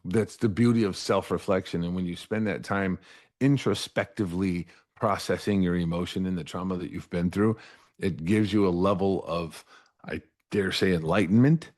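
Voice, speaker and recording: A man's voice: low voice, fairly even intonation, normal speed, a little mellow. A middle-aged man telling his life story earnestly as an interview guest, often restarting words and asking "right?" after his points. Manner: earnest, repeats words when starting a thought, asks "right?" after points. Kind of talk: candid personal storytelling.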